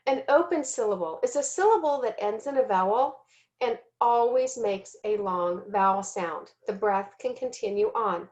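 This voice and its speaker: A woman giving a recorded teaching lesson, speaking slowly and deliberately and sounding out letters and syllables, sometimes correcting herself. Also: medium pitch, animated, a little mellow. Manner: self-corrects with "excuse me". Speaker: teacher trainer.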